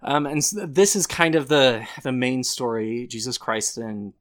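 A man's voice: medium pitch, expressive, a little slow. A man co-hosting a casual podcast chat, explaining things and often breaking into laughter. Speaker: podcast co-host.

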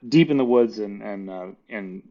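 Animated middle-aged man with dull audio. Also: fairly low pitch, normal speed. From Florida. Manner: animated storyteller, acts out quoted voices, laughs often. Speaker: guest. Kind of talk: casual podcast chat.

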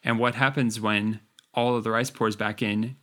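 A man's voice: lowish voice, fairly even intonation, normal speed, bright, forceful tone. Rambling man telling a story. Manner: rambling, hesitant, many fillers. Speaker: podcast co-host presenting the story. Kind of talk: casual storytelling chat.

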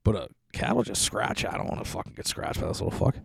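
A man's voice: fairly low pitch, very animated, quick pace, vocal fry, slightly rough, dry recording, clean studio sound. Crude rambling male podcast host. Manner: profane, rambling, laughs at own jokes. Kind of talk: crude casual monologue.

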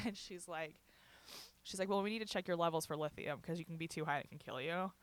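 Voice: medium pitch, fast talker, fairly bright tone. A young adult telling a personal story in casual chat, candid and profane, laughing often and quoting others. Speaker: guest recounting a hospital stay.

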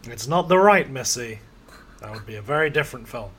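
A man's voice: mid-range voice, lively intonation, fairly quick, a crowd in the background. A man hosting a casual film podcast, wry and jokey, often laughing. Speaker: podcast host.

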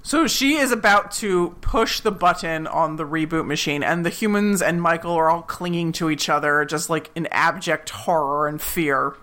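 A woman's voice: low-pitched, normal speed, hardly any pauses. A woman co-hosting a podcast, animatedly recapping a TV episode and acting out the characters. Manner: animated, acts out quoted characters. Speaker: podcast co-host.

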